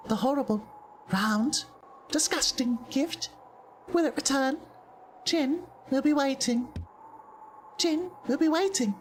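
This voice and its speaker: A woman's voice: high-pitched, slow, long pauses, a little hiss or hum, voice pushed up. A woman voicing a small greedy creature trader who speaks of itself in the third person with broken grammar. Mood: eerie, bargaining.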